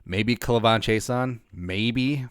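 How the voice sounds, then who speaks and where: A man hosting a casual livestream podcast, laid-back and wry, reading out viewer shout-outs with quick jokes. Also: medium pitch, smooth, dry recording, clean studio sound. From Minnesota. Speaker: podcast host.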